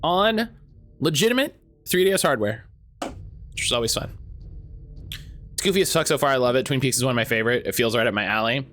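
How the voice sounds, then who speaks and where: A man streaming a video game, chatting casually and excitedly with his viewers, rambling and greeting them by name. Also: medium pitch, fairly quick, long pauses, soft background music. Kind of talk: casual live-stream chat.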